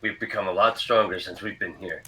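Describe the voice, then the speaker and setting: A man's voice: low voice, fairly even intonation, fairly quick, sharp tone, slight background noise. A man voicing a cocky, eager male adventurer who rallies his friends.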